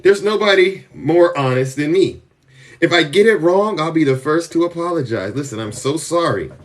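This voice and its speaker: Male streamer host, showy and boastful, high bright voice, sits a bit back from the mic. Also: lively intonation, moderate pace, distant mic. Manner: boastful, theatrical, rising to shouts. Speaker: political commentary streamer. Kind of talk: live-stream political commentary.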